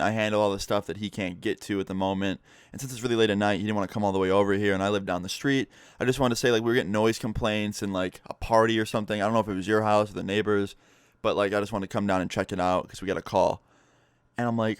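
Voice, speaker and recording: A young man in his late teens telling a vlog storytime, animated, swearing freely and acting out both sides of the exchange. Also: fairly low pitch, fast talker, clear, resonant tone, no room sound, clean studio sound. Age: young adult. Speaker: vlogger.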